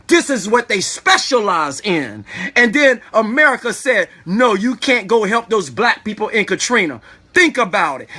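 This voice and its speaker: A man speaking live as a community activist, giving an impassioned, preachy talk with repeated rhetorical questions, emotional and at times shouting. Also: very high-pitched. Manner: preachy, repetitive rhetorical "all right?". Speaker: community activist and children's school organizer. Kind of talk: impassioned live-stream speech.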